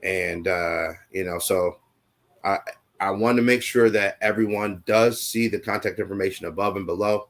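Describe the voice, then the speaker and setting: A man with a very low voice co-hosts a casual talk show. He rambles, leans on plenty of fillers, and sounds reassuring as he chats. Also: steady tone, moderate pace, a bit bright. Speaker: co-host.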